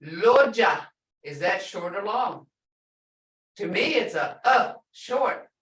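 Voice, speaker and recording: A woman teaching a language class, repeating words slowly and quizzing her students. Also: medium pitch, lively intonation, fairly bright tone. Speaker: language instructor. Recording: echoey room, distant mic.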